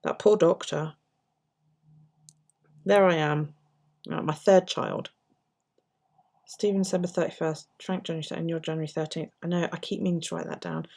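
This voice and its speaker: A woman's voice: sits low, fairly even intonation, moderate pace, pauses often, a little mellow. A middle-aged woman with an English accent, chatting casually and swearing freely while she works on her bullet journal and tells stories.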